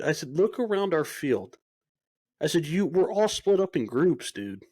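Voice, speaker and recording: A man's voice: a little high, very animated, normal speed, a little mellow, husky. A young man co-hosting a casual podcast, telling stories with energy, acting out quoted dialogue and swearing freely. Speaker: podcast co-host. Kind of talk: casual chat.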